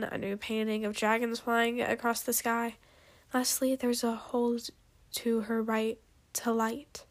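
A woman narrates a story in an unhurried amateur reading, now and then stumbling and restarting a phrase. Her voice sits slightly above the usual pitch for a woman. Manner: unhurried, with small slips and restarts.

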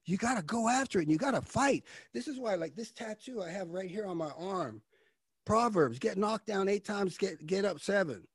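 High-voiced fiery motivational man. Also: expressive, normal speed, breathy edge, dry recording, clean studio sound. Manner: impassioned, preachy, swings from loud to hushed. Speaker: guest, actor and coach. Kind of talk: motivational interview talk.

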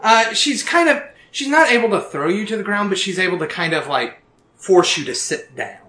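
Bright-voiced tabletop storyteller. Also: medium pitch, lively intonation, moderate pace. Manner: descriptive, matter-of-fact narration. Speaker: storyteller, game master. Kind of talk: narrating a tabletop role-playing game. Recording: roomy echo.

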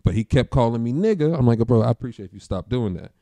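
A man in a casual chat, telling an animated story full of slang and acting out what people said, with a laid-back street way of talking. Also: medium pitch, quick pace, dry recording.

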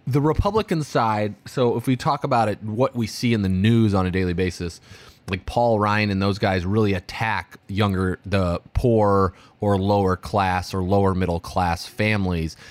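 A man's voice: lowish voice, fairly even intonation, normal speed, dry recording. A man in his thirties hosting his own podcast, talking casually and rambling with restarts and fillers. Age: 30s. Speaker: podcast host. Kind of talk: casual solo podcast monologue.

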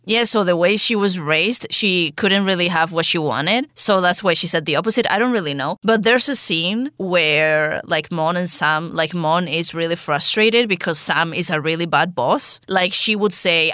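Chatty woman podcaster, bright clear voice, slightly low, dry close sound, says "like" a lot. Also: moderate pace, hardly any pauses, dry recording. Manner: chatty, lots of "like" fillers, animated retelling. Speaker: podcast co-host. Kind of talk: casual podcast chat.

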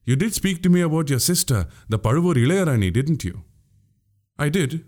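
A man's voice: a little high, very animated, brisk, a little mellow. A man voicing a crafty older male spy in an audiobook, needling and mocking with pointed questions. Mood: teasing. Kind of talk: audiobook character voice.

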